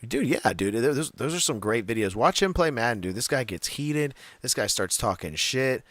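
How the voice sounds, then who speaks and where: A man's voice: mid-range voice, animated, moderate pace, fairly bright tone, no echo, clean studio sound. A man co-hosting a casual wrestling podcast, rambling with many fillers and frequent laughs. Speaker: podcast co-host.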